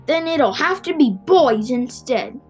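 A spiteful old man snarls and gloats, his voice pushed a touch higher and rougher than plain speech, as a woman puts him on. He sounds greedy and cruel, every threat savoured, like a villain out of a children's storybook. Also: expressive, unhurried, faint music behind. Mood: gloating. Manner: gloating, menacing.

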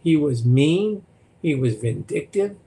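A man's voice: fairly high pitch, takes it slowly, creaky. Older man telling political war stories. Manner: animated, repeats words and restarts, acts out quotes. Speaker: guest, former political candidate. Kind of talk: anecdotal storytelling in conversation.

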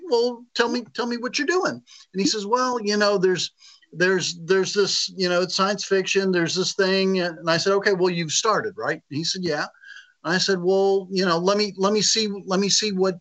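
A man being interviewed, telling a story casually and acting out the quoted dialogue with animated voices. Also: high voice, moderate pace. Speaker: author guest. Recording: lo-fi muffled audio.

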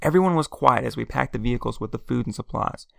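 A man reads a first-person story aloud in a calm, even way. His voice has a gravelly, fry-tinged texture at a middle pitch. The recording is dry and close to the mic. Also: quick pace, no echo. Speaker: narrator.

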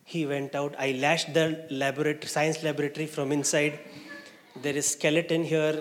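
A man's voice: a little high, normal speed, crowd noise. A man with an Indian English accent telling a personal testimony, acting out the people he quotes. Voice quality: animated, acts out the people he quotes. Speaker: speaker giving a personal testimony. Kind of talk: storytelling testimony. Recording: long hall reverb.

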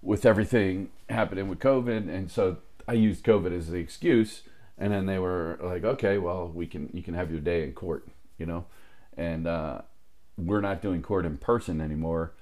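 A man's voice: low voice, normal speed. A man in casual chat, telling a long story full of swearing and acted-out dialogue. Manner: profane, animated anecdote-telling with quoted dialogue.

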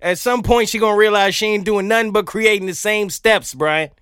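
A brisk, high-pitched man from the Southern United States hosts a podcast, riffing comically and telling stories in an animated way, occasionally singing song snippets. Faint music plays behind him.

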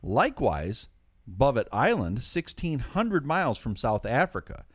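Lively, wisecracking male show host. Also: mid-range voice, measured pace, slightly rough, no room sound, studio quality. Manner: jokey, wisecracking delivery. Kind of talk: comic news show hosting. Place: studio.

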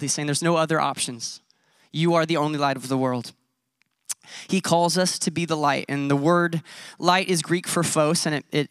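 A man's voice: fairly high pitch, fairly bright tone, clear, resonant tone, no echo, clean studio sound. A man in his thirties preaching a sermon as a pastor, conversational and self-deprecating. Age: 30s.

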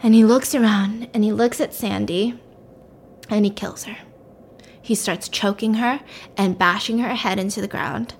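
A woman's voice: medium pitch, steady tone, a little slow, slight background noise. A young woman casually retelling a fictional mystery story, chatty and acting out the characters' lines.

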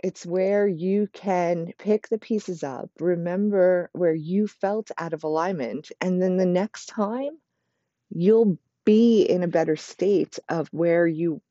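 A yoga teacher giving a motivational self-help talk in flowing, repetitive, encouraging phrases, and quick to admit to talking fast. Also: mid-range voice, warm tone, no echo. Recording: dull, lo-fi dry recording.

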